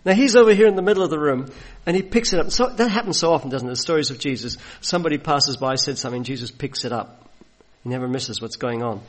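A man's voice: mid-range voice, a bit bright. A man preaching a sermon, retelling a gospel story and acting out the voices of its people. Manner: storytelling, acts out voices of biblical figures.

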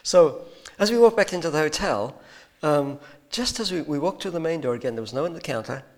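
A man's voice: a little high, expressive, fairly quick. A man telling a personal story with a spiritual point, in a rambling, hesitant way with many ums and restarts. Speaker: speaker sharing a personal testimony.

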